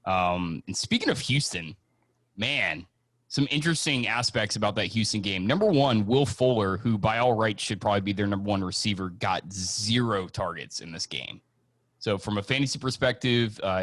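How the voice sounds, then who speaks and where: A man hosting a casual sports podcast, chatty and excitable as he leads the talk. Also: lowish voice, dry recording. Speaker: host.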